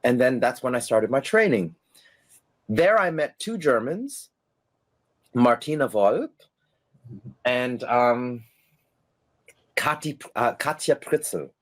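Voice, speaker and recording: A middle-aged man, a former stage performer, telling stories in a casual interview, animated and laughing, acting out the voices of people he quotes. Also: mid-range voice, slow, pauses often.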